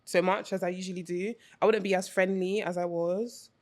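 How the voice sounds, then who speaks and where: A woman co-hosting a casual podcast, telling relaxed anecdotes and dropping Nigerian slang into her talk. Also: lowish voice, a little fast. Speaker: podcast co-host.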